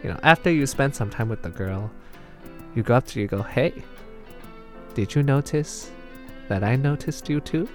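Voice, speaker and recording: A man voicing his older father, an earnest dad giving fatherly advice in a calm, soft way. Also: mid-range voice, normal speed, long pauses, soft background music, pitched above the performer's own voice, lightly acted.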